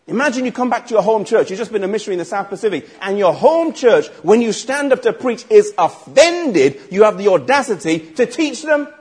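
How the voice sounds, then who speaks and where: A man's voice: high-pitched, sing-song, brisk, few pauses, darkish tone, breathy edge. A man preaching a sermon, emphatic and asking the congregation rhetorical questions.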